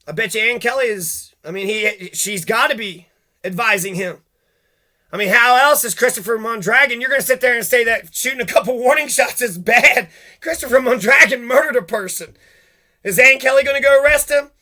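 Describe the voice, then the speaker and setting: High, bright-voiced angry ranting man. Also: fairly quick. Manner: heated, cursing, jumps from grievance to grievance. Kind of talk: angry profane rant.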